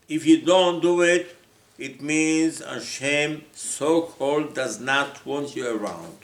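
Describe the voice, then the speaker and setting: A rabbi preaches a sermon in a slightly high voice at a slow pace, recorded in an echoey room with faint ambience. He's emphatic and repetitive, often acting out the voices of the people he quotes.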